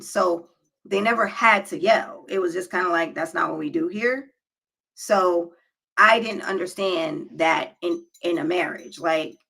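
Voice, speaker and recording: A woman's voice: lowish voice, vocal fry, sharp tone, slightly rough, low-quality recording. A woman talking straight to her viewers with relationship advice, emphatic and preachy, often checking in with "okay?" and "right?". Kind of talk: direct-to-camera advice talk.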